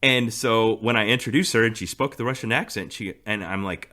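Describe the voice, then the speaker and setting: A man's voice: on the low side, brisk, few pauses, bright, forceful tone. A man co-hosting a podcast, telling a story in casual chat and laughing often. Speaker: podcast co-host.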